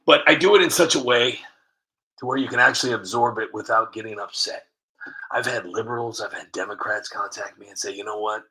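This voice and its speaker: Rambling man with a bright voice. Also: mid-range voice, fairly quick, poor audio. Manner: rambling, repeats himself with restarts. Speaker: video creator. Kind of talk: opinionated commentary vlog.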